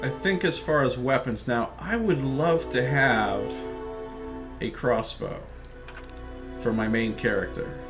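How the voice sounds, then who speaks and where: A man's voice: medium pitch, slow, music in the background. A man giving casual, joking let's play commentary while chatting with his viewers. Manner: chatty, joking, talks to chat. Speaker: gaming livestreamer.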